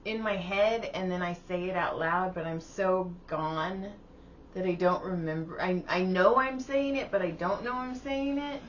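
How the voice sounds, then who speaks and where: Chatty, giggly woman with a low voice. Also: fairly even intonation, measured pace. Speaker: podcast host. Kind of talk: casual chat. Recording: slightly dull audio with faint hiss.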